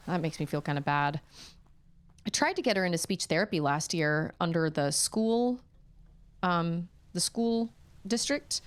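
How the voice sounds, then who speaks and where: A woman streaming a game from home, chatting casually and yelping in surprise at the game. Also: mid-range voice. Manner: chatty, with sudden yelps of surprise. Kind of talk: casual gaming chat.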